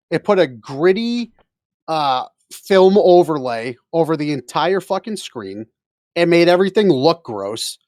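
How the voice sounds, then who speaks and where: A man's voice: fairly high pitch, expressive, measured pace, darkish tone, no echo, clean studio sound. A man co-hosting a podcast, talking emphatically and swearing freely. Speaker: podcast co-host. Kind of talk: casual podcast chat.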